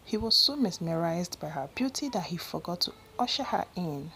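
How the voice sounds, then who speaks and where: A Nigerian woman narrating a romance story in a plain, steady reading voice. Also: fairly low pitch, moderate pace, vocal fry, slight background noise, poor audio.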